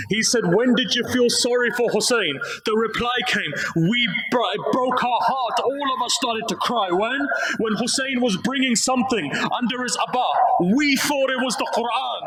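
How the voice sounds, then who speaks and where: A man speaking at a mosque, delivering a slow, grieving sermon narration during a Muharram gathering. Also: very high-pitched. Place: mosque prayer hall. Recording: echoey mosque hall.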